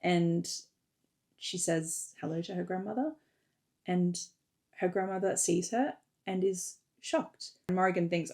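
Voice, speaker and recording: A woman author casually retelling and reading from her book for a readalong recap, with relaxed fillers as she goes. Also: lowish voice, moderate pace.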